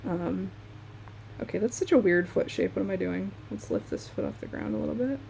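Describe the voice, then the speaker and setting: A young woman from Michigan with a Midwestern American accent chats and laughs easily while drawing on a live stream, talking as she works. Her medium-pitched voice is brisk, gravelly, and darkish, with a little hiss or hum in the recording.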